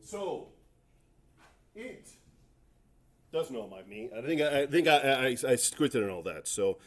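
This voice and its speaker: A man's voice: medium pitch, big pitch swings, a little slow, long pauses. A man giving a tech talk at a conference, rambling and self-mocking with jokey asides. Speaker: conference presenter. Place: conference room.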